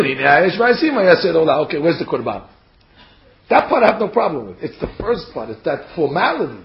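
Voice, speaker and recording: A man teaching a Torah class, reading verses aloud and acting out the figures' words in a lively way. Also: sits high. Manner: animated, acts out the figures' words. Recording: dull, echoey room.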